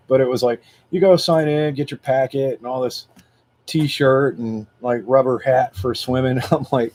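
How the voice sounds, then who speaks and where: A man hosting a motivational video, telling a personal story in a casual, animated, slangy way. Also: mid-range voice, moderate pace. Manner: greets viewers live by name.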